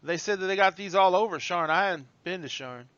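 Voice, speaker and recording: An eager, stammering older bellhop, voiced by a man, rambling on in a raised, bright voice. He fumbles and restarts his words as he talks. The sound is dull and lo-fi. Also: high-pitched, unhurried, clear, resonant tone, dry recording, voice pushed up, exaggerated voice.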